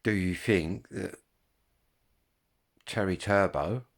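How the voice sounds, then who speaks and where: A man's voice: deep voice, slow pace, creaky. A man, chatting casually to viewers in a rambling way, full of ums and swearing. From Kent, England. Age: 50s. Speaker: vlogger.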